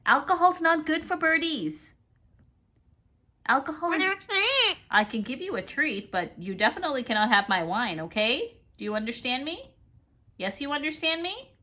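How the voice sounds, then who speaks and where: A woman talks to her pet bird at home in a bright, lively voice that swoops from high to low. She coaxes, teases and scolds it gently in doting baby talk. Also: moderate pace. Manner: playful sing-song scolding, coaxing baby talk. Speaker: pet owner filming her parrot. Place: home indoors, by a fireplace.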